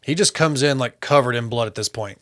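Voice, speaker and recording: A man's voice: mid-range voice, brisk. A man co-hosting a true crime podcast, talking animatedly, swearing often and acting out what people said. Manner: animated, swears a lot, acts out quotes. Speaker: podcast co-host. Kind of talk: casual true crime chat.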